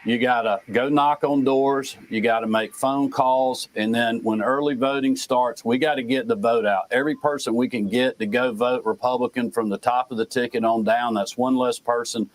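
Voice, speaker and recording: Middle-aged man, mid-range pitch, deliberate political talking points, TV interview guest. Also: fairly even intonation, poor audio. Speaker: governor being interviewed. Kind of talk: TV news interview answers.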